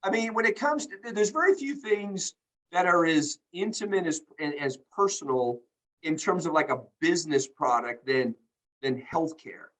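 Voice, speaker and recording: A man talks on a group video call, fired up and emphatic. He acts out other people's lines in quick asides. His voice sits slightly high for a man. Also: expressive, a bit bright, poor audio. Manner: indignant, emphatic, acts out quoted dialogue. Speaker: healthcare company executive, guest.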